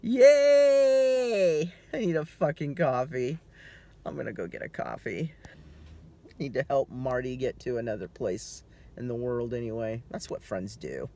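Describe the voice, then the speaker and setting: A man's voice: medium pitch, normal speed, a little mellow. A tired middle-aged man vlogging from his car, rambling through casual stories, swearing freely and laughing easily. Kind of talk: casual chatty storytelling.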